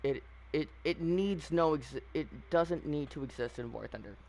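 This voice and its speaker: A man's voice: on the high side, moderate pace, a little mellow. A man giving casual, opinionated commentary on a video game, rambling with frequent fillers and restarts. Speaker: gaming channel host.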